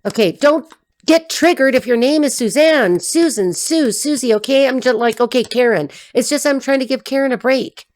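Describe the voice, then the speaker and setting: A woman reading tarot who chats off the cuff, rambling and swearing freely, laughing often and jumping between low asides and high excited bursts. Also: normal speed. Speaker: tarot reader and life coach. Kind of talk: casual unscripted chat to camera.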